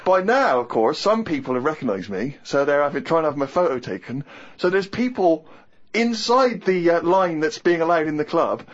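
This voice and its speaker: A man, hosting a podcast, telling a comic anecdote in an animated, exasperated, self-mocking way. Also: fairly high pitch, normal speed, dull audio.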